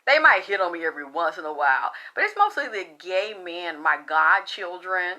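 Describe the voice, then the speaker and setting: A woman's voice: fairly low pitch, big pitch swings, normal speed, pushed and bright. A middle-aged woman hosting a casual spiritual talk, blunt and profane, rambling with frequent restarts. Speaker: spiritual talk show host.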